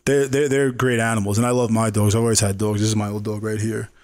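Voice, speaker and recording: A man's voice: on the low side, little pitch movement, fast, no echo, studio quality. A man from New York City, a chef and podcast guest, telling a story in loose, rambling casual talk full of swearing and filler words.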